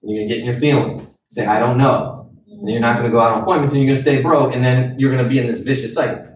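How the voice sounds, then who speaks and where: A man's voice: medium pitch, fairly even intonation, fast talker, a little hiss or hum. Blunt, scolding male sales trainer, echoey. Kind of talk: lecturing a small training group. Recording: echoey room, voice from far off.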